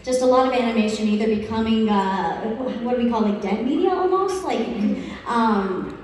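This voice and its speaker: Eager, halting woman on a panel. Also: fairly high pitch, animated, darkish tone, a little hiss or hum. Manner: halting, enthusiastic, restarts often. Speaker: voice actor panelist. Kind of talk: convention panel Q&A. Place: large convention hall. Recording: echoey hall from far off.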